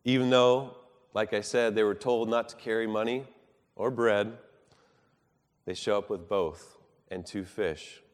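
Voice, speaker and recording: A man delivers a sermon in a fairly low voice, earnest and measured. He lifts his voice to stress key words and lets it fall quiet at the close of each thought. His words ring out with the long reverb of a large hall. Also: steady tone. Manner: earnest, measured preaching with emphatic rises and soft drops. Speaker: preacher.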